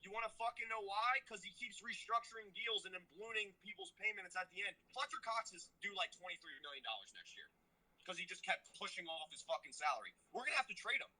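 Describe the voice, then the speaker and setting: A man's voice: sits high, animated, quick pace, bright, forceful tone, low-quality recording. A man co-hosting a sports podcast, ranting heatedly and swearing often in casual chat. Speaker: podcast co-host.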